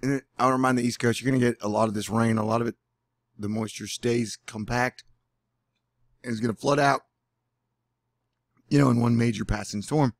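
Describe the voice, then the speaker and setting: A man's voice: medium pitch, fairly even intonation, fairly quick, creaky, pauses often, no echo. A man in a casual weather vlog at home, talking in a sarcastic, rambling way. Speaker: weather vlogger. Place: indoors at home.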